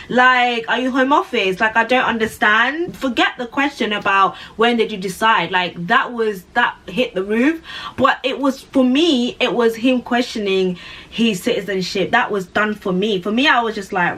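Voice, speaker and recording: A woman vlogger giving her opinion in an animated way, with lots of "like" and rhetorical questions. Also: a little high, moderate pace, distant mic, low-quality recording. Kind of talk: opinion commentary.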